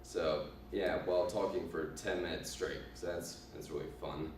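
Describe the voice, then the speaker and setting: A low-voiced man introduces his class project, halting and self-mocking, with lots of ums. His voice rings through a very echoey room. He sounds far from the microphone. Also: fairly even intonation, a little hiss or hum. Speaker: student presenter.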